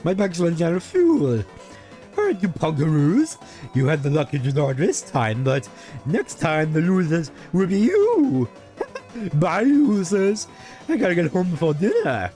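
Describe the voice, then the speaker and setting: A man voicing a brash, mischievous young spade-shaped villain boy in a video game, with loud, boastful, drawn-out taunts. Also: a little high, huge pitch swings, soft background music, pitched above the performer's own voice. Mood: taunting. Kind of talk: video game voice-over reading.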